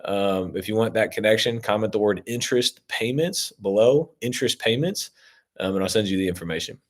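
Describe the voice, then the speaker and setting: Speaking a little fast in a lowish voice, this Ohio man runs a casual live-stream Q&A on real estate investing, responding to viewer comments. His talk is loose and full of fillers, his tone upbeat toward the audience.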